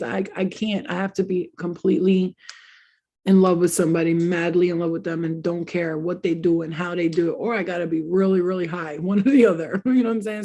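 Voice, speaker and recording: A woman's voice: fairly low pitch, mellow. A young adult woman chatting casually as host, telling candid, crude stories and laughing often. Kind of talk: casual chat.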